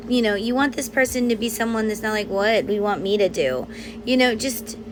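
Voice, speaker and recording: A woman in her thirties, a mother of five, talking casually to viewers in a rambling, chatty way with lots of fillers. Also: medium pitch. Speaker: mom vlogger. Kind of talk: casual chat to camera. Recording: noticeable background noise.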